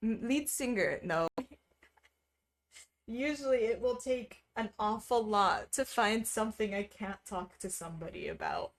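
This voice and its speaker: A woman's voice: a little high, unhurried. Woman, casual stream chat, wry, laughs a lot, talks to chat. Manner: chatty, laughs often, wry asides. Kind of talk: casual chat while stitching, reading chat.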